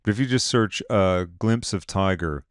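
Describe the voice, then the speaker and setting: A man's voice: low voice, normal speed, clear, resonant tone, no room sound. A man hosting a film podcast, giving dry, wry rundowns of an actor's filmography in casual chat. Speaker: podcast host.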